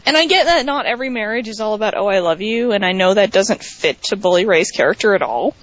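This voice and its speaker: A woman's voice: medium pitch, expressive, quick pace, dry recording. A woman co-hosting a podcast, chatting casually with lots of fillers and wry asides. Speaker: podcast co-host. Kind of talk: casual chat. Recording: dry, slightly dull lo-fi sound.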